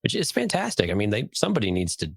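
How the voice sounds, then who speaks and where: A podcast co-host chats fast in a jokey, enthusiastic way. His voice is very deep with a husky edge. The sound is dry and close to the mic. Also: huge pitch swings, dry recording. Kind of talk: casual chat.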